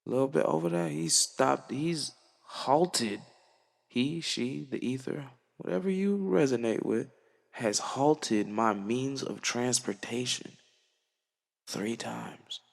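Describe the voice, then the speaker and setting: Speaking slowly with vocal fry at medium pitch, a young male musician vlogger addresses the camera in a space with big-room sound. The monologue is reflective and casual, earnest yet slangy and profane.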